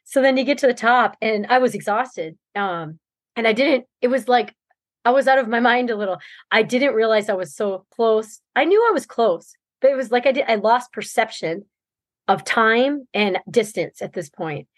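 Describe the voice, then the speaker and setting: Higher-voiced woman telling a story casually. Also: animated, moderate pace, no room sound. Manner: rambling storytelling, laughs often, many fillers. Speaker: podcast guest, ultrarunner. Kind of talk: casual interview chat.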